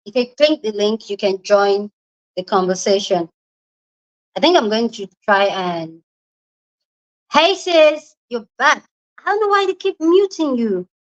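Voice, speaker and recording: A woman hosts a casual live stream from her room at home. Her voice sits fairly high, and she gets excitable, breaking into squeals and shouts when she is excited. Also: measured pace, pauses often, highs cut off. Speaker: livestream host.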